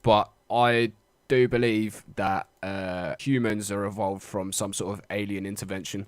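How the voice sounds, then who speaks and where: A young man riffs loosely on a podcast, swearing freely and joking with friends. His voice sits a little low, recorded dry and close with no room sound. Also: little pitch movement, a little slow, dry recording. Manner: sweary, jokey, puts on mock voices. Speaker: podcast co-host. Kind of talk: casual banter.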